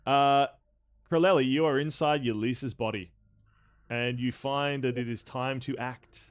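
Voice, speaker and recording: Relaxed man narrating as game master. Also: medium pitch, unhurried, smooth, no echo, lo-fi sound. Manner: relaxed narration with frequent filler sounds.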